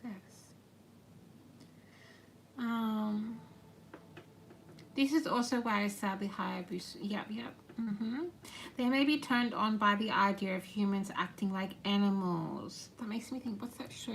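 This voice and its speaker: Soft-spoken woman with a creaky voice. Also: medium pitch, a little hiss or hum, rough recording. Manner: halting and meandering, with murmured asides. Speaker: channeler. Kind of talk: spoken channeled messages.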